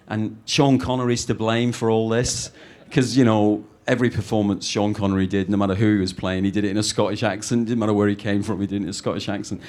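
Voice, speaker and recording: A middle-aged British film director answers interview questions, rambling in a lively way and restarting often. His voice is fairly low, and he talks fast.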